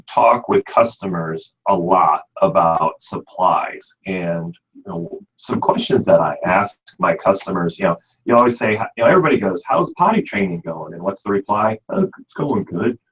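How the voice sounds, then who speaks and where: This Midwestern-accented pet store expert hosts a radio show about pets, his voice low, a bit bright and slightly rough at a moderate pace. His casual talk is folksy and full of "you know." The sound is dull, lo-fi radio quality.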